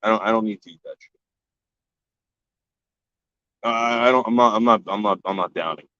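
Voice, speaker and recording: A man's voice: on the low side, fairly even intonation, normal speed, sharp tone, no room sound. A man hosting a live stream, talking casually and bluntly with viewers and cursing freely. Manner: blunt and profane, with frequent restarts. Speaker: live-stream host answering chat. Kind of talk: casual chat. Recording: dull, lo-fi dry recording.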